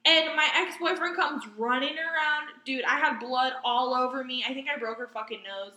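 High bright-voiced woman swearing through a story. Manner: heavy swearing, fast and animated. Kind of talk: casual storytelling chat. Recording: echoey room.

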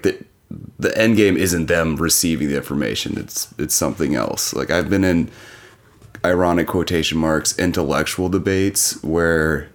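A man, a podcast guest, musing casually in a rambling way with lots of "like" fillers. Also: extremely low pitch.

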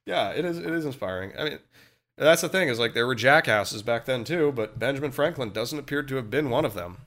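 A man co-hosting a casual podcast, a little sick and hoarse, rambling and laughing as he talks. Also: mid-range voice, expressive, a little fast, fairly bright tone. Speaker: podcast co-host.

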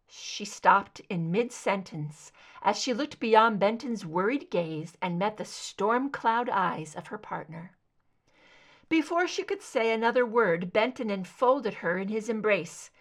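A woman's voice: mid-range voice, expressive, unhurried, fairly bright tone. A woman reading fan fiction aloud as an audiobook narrator, telling the story expressively. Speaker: audiobook reader.

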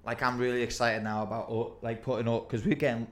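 A football coach hosts a casual podcast, his voice sitting at an ordinary male pitch. He talks eagerly and quickly turns to promoting his coaching camps. The tone is chatty and informal throughout. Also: level tone.

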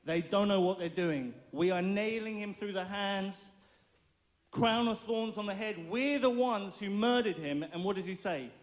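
Playful high-voiced male preacher. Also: a little slow. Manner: playful, jokey, laughs often. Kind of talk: lively informal sermon.

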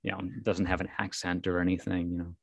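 A man with a deep voice and a light Minnesotan accent, chatting on a podcast. His sound is dry and close, and he often stops with ums and restarts his sentences. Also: flat delivery, fast talker, vocal fry, no echo. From Minnesota, USA. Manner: hesitant, many ums and restarts. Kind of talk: casual chat.

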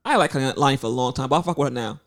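A man from New York talking casually as a podcast co-host, quick and slangy with blunt opinions. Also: mid-range voice. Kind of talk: casual chat.

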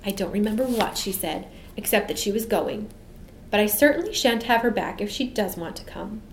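A woman's voice: mid-range voice, expressive, normal speed, reverberant, a little hiss or hum, lightly acted, rough recording. A cross, indignant mother, as a woman reads her. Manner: scolding and exasperated.

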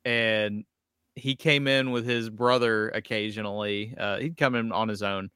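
A man's voice: fairly low pitch, steady tone, unhurried, bright, forceful tone, clear, resonant tone, dry recording, studio quality. A young man co-hosting a gaming podcast, chatting casually with frequent restarts as he thinks aloud. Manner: hesitant restarts, reflective. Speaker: podcast co-host. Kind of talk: casual chat.

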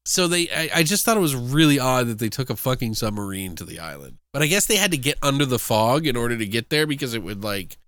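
A man co-hosting a podcast, recapping a horror film in casual, animated, profane chat and acting out lines from it. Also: mid-range voice, fast talker, few pauses, dry recording. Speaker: podcast co-host. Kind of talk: casual movie review chat.

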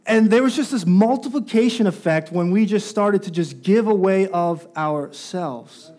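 A man's voice: sits high, unhurried, a little mellow. A man preaching a sermon as pastor, telling a story and growing more intense as it builds. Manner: storytelling, rising intensity at climaxes.

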